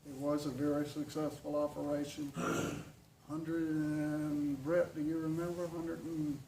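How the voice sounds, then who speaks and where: A man with a gravelly, mellow voice speaks in a flat, matter-of-fact way at a club meeting. He is heard from a distance in an echoing room. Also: a little high, a little slow. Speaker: club member reporting on an event. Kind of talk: casual remarks at a meeting. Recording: roomy and from far off, faint hiss.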